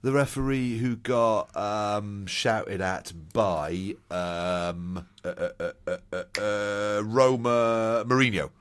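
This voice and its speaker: A man co-hosting a casual podcast, making his points in a measured, thoughtful and sometimes halting way. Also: lowish voice, steady tone, clean tone. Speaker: podcast co-host.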